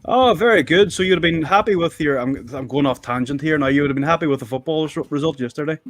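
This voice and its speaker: A man's voice: on the high side, fast talker, a bit bright. An Irish man, a livestream guest, asking friendly, polite questions in casual chat.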